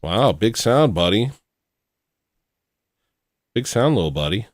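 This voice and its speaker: A man with a lowish voice hosts a casual livestream, rambling and joking as he reads out viewer donations. The sound is dry and close. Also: sing-song, slow pace, no room sound. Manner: rambling, jokey, reads out super chats. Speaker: livestream host.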